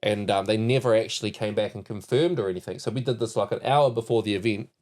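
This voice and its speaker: A man with a New Zealand accent hosting a podcast, telling a story in lively casual chat and acting out quotes. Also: fairly low pitch, fast talker. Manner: animated storyteller, laughs and acts out quotes. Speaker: podcast host.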